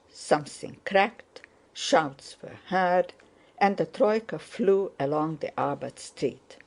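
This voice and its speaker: A woman narrating a classic novel in a measured, even manner. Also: low voice. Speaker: audiobook narrator. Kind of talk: scripted narration.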